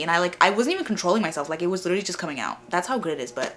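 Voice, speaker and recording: A woman's voice: fairly low pitch, very fast, hardly any pauses. Gushing young woman book vlogger. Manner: gushing and excitable, full of likes and repeats. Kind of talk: casual reading vlog chat.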